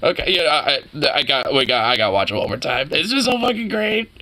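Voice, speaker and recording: A man casually commenting on a video, laughing often, swearing and gushing with excitement. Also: fairly high pitch, quick pace. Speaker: reaction video host.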